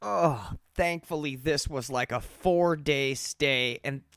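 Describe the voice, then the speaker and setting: A man's voice: medium pitch, takes it slowly, fairly bright tone, no room sound. Candid, profane man telling his story. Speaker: storyteller recounting his addiction. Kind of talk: casual personal storytelling.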